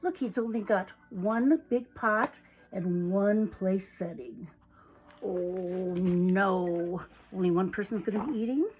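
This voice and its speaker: Animated woman reading to kids. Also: mid-range voice, moderate pace, rough recording. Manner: animated and expressive. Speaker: children's book reader. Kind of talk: reading a picture book aloud to children.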